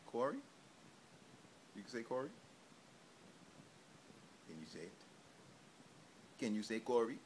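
A man with a lively, bouncing voice plays with a toddler, putting on a mock-tough act and teasing. A faint hiss sits under his voice. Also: medium pitch, a little slow, long pauses. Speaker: adult playing with a toddler. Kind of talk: playful chat with a baby.

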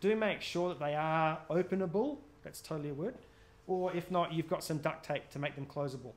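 A man's voice: fairly high pitch, brisk. A man giving a chatty, jokey outdoor safety workshop, often quizzing his audience. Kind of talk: live gear workshop talk.

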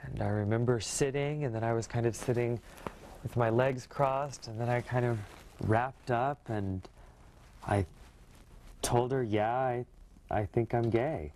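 Man, interviewee, mellow dark tone, hesitant and reflective. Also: mid-range voice, steady tone, a little slow, a little hiss or hum.

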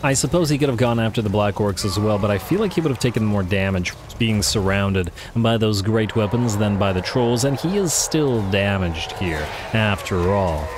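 Lowish man narrating a strategy game. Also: normal speed, few pauses, background noise. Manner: relaxed, thinking aloud with frequent "uh"s. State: losing his voice. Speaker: gaming YouTuber. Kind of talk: let's play commentary.

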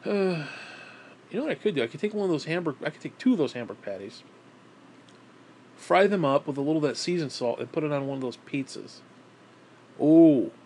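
A man's voice: fairly high pitch, lively intonation, fairly quick, long pauses, darkish tone, a little hiss or hum. Rambling, swearing man at home. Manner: swearing, rambling, baby talk to his pet. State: broke and frustrated. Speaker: vlogger. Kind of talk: rambling casual monologue to camera.

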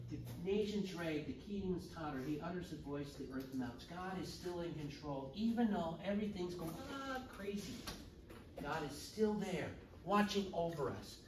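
Man, church class teacher, fairly high voice, lively delivery, echoey room, distant mic, background noise. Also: moderate pace. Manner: animated, acts out story voices. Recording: echoey room from far off, noisy.

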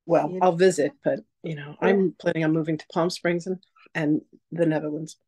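A woman teaching a casual masterclass, telling stories in a chatty, animated way and acting out quotes. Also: sits low, a little fast, husky, rough recording. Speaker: psychic teacher.

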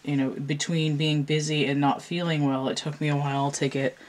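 A woman's voice: sits low, little pitch movement, brisk, a little mellow. Rambling woman talking to camera. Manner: rambling, hesitant, many fillers and restarts. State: slightly out of breath. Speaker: channel host and tarot reader. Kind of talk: casual show-and-tell talk to camera.

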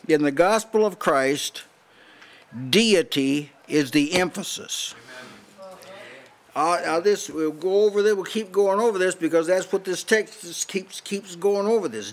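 A man's voice: high-pitched, normal speed. Emphatic older man preaching a sermon. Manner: emphatic, challenging, with frequent restarts. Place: house church meeting.

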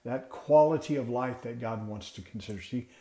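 A man with a mellow, soft-edged voice teaches from scripture for people who lead classes. He poses questions and then answers them himself. The recording has a roomy echo around him. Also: medium pitch, normal speed. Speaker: Bible teacher training class leaders. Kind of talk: teaching talk for Sunday school teachers.

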